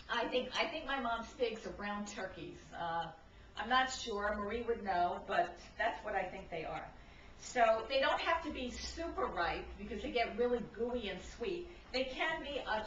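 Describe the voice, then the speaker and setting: A chatty middle-aged woman from Brooklyn walks through a recipe in her home kitchen, her fairly high voice tossing in an "okay?" every few lines. She is picked up by a camcorder mic from across the room, so the sound is roomy, a bit far off and slightly muffled, with faint noise underneath. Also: a bit bright. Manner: chatty, keeps checking in with "okay?". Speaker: home cooking instructor. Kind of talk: casual cooking demonstration. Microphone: camcorder mic from a distance. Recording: echoey, distant, slightly dull camcorder audio.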